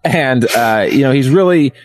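A man co-hosting a podcast in casual chat, relaxed and talky with frequent fillers. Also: medium pitch, moderate pace, a little hiss or hum. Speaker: podcast co-host.

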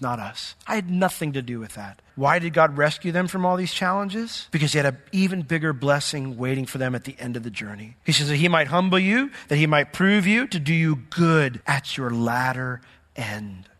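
A man preaching a lively sermon in a church, mixing stories and humor into his teaching. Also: a little high. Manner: lively storytelling with humor and asides. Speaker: pastor. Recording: hall reverb from a church sanctuary.

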